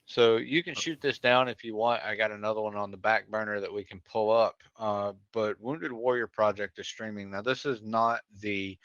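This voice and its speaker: A man in his relaxed co-host role runs through the episode recap on a livestream. His voice sits on the low side, and his talk is easygoing, with filler words. The sound is dry and a little dull, like a home streaming mic. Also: normal speed, hardly any pauses, smooth, no echo. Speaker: co-host of a veteran livestream show. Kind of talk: casual livestream recap chat.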